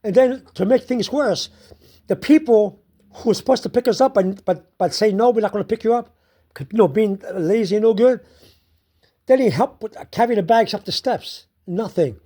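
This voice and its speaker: A person telling a story about their day in a slow, repetitive way, laughing often. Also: mid-range voice, warm tone.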